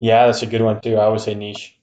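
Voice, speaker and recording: A man's voice: fairly low pitch, completely flat delivery, fast, dark tone, echoey room, poor audio. A man co-hosting a casual podcast chat in an easygoing way, laughing often. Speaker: podcast co-host.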